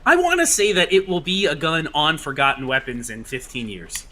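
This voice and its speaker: A man co-hosting a podcast in casual chat, animated and jumping in, sitting far back from his microphone. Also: fairly high pitch, normal speed. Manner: animated, jumps in over others. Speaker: podcast co-host. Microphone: sitting far back from the mic. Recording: distant mic with faint background hum.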